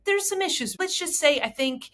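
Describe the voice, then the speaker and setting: A middle-aged woman hosting a solo sports podcast, talking with excitement and drifting into emotional tangents. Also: very high voice, normal speed. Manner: enthusiastic, digressive, emotional. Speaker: podcast host.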